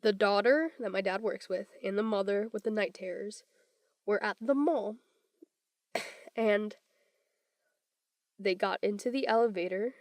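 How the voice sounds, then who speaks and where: A woman's voice: medium pitch, unhurried, long pauses, dry recording, studio quality. A young woman co-hosting a podcast, telling ghost stories in casual chat, acting out the people she quotes and swearing casually. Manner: animated storyteller, acts out quoted voices, swears casually. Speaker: podcast co-host.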